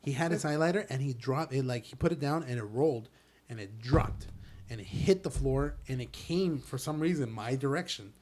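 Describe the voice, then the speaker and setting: A man's voice: mid-range voice, normal speed, a little mellow. A young man telling stories in a casual chat with friends, stumbling and repeating words as he talks.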